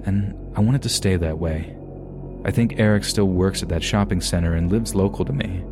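A man narrating submitted true scary stories in a calm, measured storytelling manner. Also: deep voice, music in the background. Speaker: podcast narrator.

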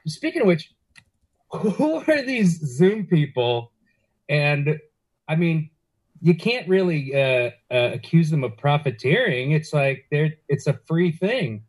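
A man's voice: fairly high pitch, sing-song, slow pace. A man joining a podcast as a guest, chatting casually with wry, self-deprecating humor. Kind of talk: casual interview chat. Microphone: video call.

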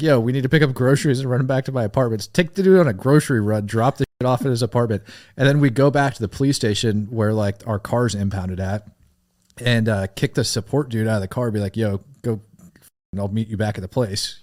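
A middle-aged man telling a wild story in casual podcast chat, animated and profane, laughing as he goes. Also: medium pitch. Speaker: podcast guest.

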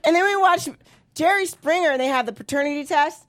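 High-pitched thirty-something woman doing stand-up, brash and swearing a lot. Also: a little fast, dry recording, clean studio sound. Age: 30s. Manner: brash, profane, animated with voiced impressions. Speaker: stand-up comedian. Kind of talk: stand-up comedy set.

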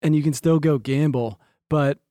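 A man's voice: a little high, fairly even intonation, moderate pace, warm tone, no room sound. A man co-hosting a podcast, telling rambling stories in casual chat and swearing freely. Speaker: podcast co-host.

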